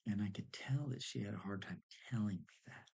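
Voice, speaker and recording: A man's voice: on the low side, fairly quick, gravelly, darkish tone, slightly rough. A man vlogging, animatedly telling a personal story, laughing often and acting out the people in it. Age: adult with a child.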